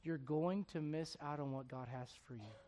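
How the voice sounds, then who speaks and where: A man in his forties preaching a sermon. He moves from loud urging to quiet confiding. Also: on the high side, moderate pace. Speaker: pastor.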